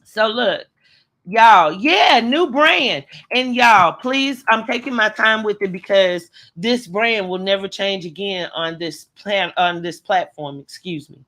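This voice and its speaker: Middle-aged woman, casual livestream host; bright tone, lively slangy delivery, home webcam mic. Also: mid-range voice, slow. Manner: animated, greets viewers by name, slangy. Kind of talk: casual livestream commentary, greeting chat.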